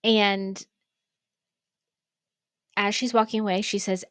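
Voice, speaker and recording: Brief: woman co-host, casual animated storyteller with a blunt, profane streak; dry room. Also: mid-range voice, unhurried, no echo. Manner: animated, swears freely. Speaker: pottery studio co-owner and podcast host.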